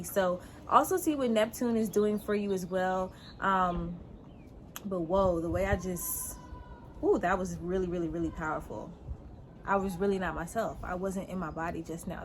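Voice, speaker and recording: A woman hosting her show, chatting casually to camera in an excitable way, laughing and addressing her viewers as "y'all.". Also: on the low side, slight background noise. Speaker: host.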